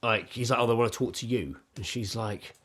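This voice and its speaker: A man telling a story on a podcast in casual chat, animated and full of swearing, acting out the other people's lines. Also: medium pitch, brisk, a little hiss or hum. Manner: animated, heavy swearing, acts out dialogue. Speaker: podcast co-host.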